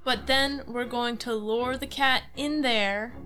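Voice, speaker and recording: A woman chats casually as a player in a tabletop role-playing game, giggling and working out her plans out loud. Her voice is bright and sits a bit high, with faint music playing underneath. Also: fairly even intonation, takes it slowly. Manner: giggly, thinking aloud.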